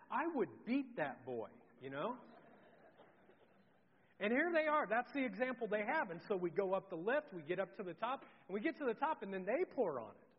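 A middle-aged male pastor with a notably high voice tells a story from the pulpit, moving from loud to hushed. His voice rings through a large church hall with a long reverb. The sound is dull and slightly muffled. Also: husky. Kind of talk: sermon. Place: church sanctuary.

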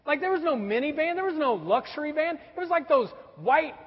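A man's voice: extremely high pitch, lively intonation, a little fast. A man in his forties, a pastor telling a story in a sermon with a conversational, wry humor. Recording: dull sound with long hall reverb.

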